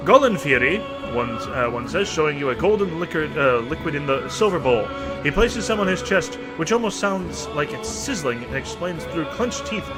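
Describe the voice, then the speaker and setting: A man's voice: a little high, lively intonation, moderate pace, hardly any pauses. A man reading game dialogue aloud in a casual playthrough, reacting with laughs and groans. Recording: soft game music behind.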